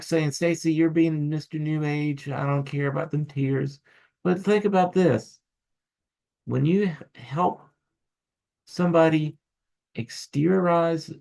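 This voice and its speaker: A middle-aged man teaching acupuncture students in a casual, joking lecture with lively asides to the viewer. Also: on the high side, creaky. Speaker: acupuncture instructor.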